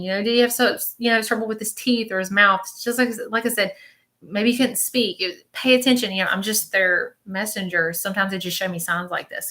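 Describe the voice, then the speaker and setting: A woman with a mid-range, pushed, bright voice hosts a live stream as a spiritual medium. She's chatty and reassuring, repeating phrases, relaying messages as quotes, and often checking in with viewers by asking "okay?" during this psychic reading.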